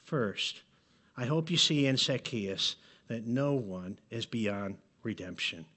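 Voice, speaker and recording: A man's voice: medium pitch, expressive, slow, bright, forceful tone. Earnest preacher man with falling cadences. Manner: earnest, pleading, with dramatic drops in volume at phrase ends. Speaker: pastor. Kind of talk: sermon. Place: church sanctuary.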